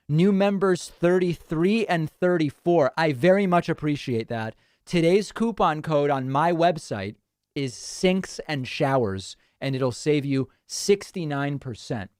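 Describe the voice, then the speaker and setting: Animated male show host, lively pitch. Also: no room sound, studio quality. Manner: animated, quick to react with exclamations. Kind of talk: live-stream commentary.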